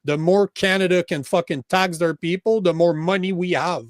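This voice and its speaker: A Quebec-accented podcast host with a fairly high voice makes emphatic political points in casual conversation, cursing freely and frequently starting sentences over. His intonation is fairly even at a moderate pace, in a close, dry recording without echo.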